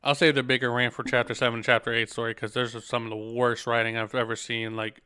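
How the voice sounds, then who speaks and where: A man ranting casually about a game's writing on stream, tripping over his words and restarting his sentences. His voice is bright and clear, at a middle pitch. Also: little pitch movement, quick pace. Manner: rambling, trips over words and restarts, swears; talks while eating. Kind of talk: casual gameplay rant.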